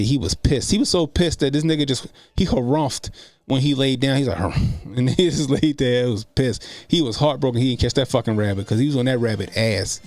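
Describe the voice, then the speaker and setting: A man's voice: medium pitch, a little mellow, dry recording. Laid-back profane man riffing live. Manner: loose, profane, laughing storytelling; reads and answers chat comments. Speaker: streamer host. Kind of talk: casual live-stream commentary.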